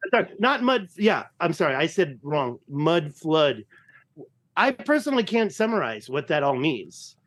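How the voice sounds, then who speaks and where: A man in his fifties with a slightly raised pitch, talking loosely as a podcast guest. He rambles and jokes at his own expense, restarting sentences as he goes. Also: very animated, moderate pace, few pauses, a bit bright. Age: 50s. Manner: joking, rambling, self-deprecating. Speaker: guest explorer and researcher. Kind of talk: casual podcast chat.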